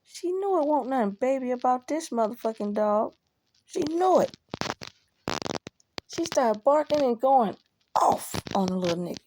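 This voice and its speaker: A woman's voice: high voice, lively intonation, normal speed, long pauses, darkish tone, a little hiss or hum. A woman casually telling a personal story to camera, blunt and profane, with emphatic outbursts.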